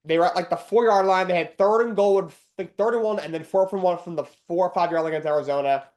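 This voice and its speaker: A man's voice: sits high, fast, darkish tone. A man hosting a sports talk show alone, blunt and ranting, often repeating himself. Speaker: sports podcast host. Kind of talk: opinionated solo sports talk.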